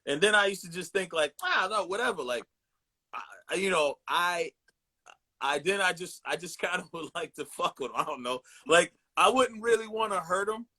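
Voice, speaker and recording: Bright-voiced man telling profane stories. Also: high-pitched, moderate pace. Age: 40s. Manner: profane, animated storytelling full of impressions. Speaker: podcast guest. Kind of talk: casual storytelling chat.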